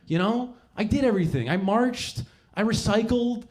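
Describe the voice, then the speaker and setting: A man's voice: high voice, normal speed, darkish tone. A young man doing a profane, rambling stand-up set on a comedy club stage, self-mocking, into a handheld mic, with live audience laughter.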